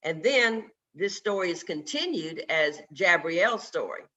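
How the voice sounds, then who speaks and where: A man leads an online worship service, speaking earnestly and pausing often with fillers. his voice is high and very bright. the sound is dull and lo-fi, as it comes over a video call. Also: animated. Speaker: worship leader. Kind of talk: sermon storytelling. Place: home, indoors, on a video call.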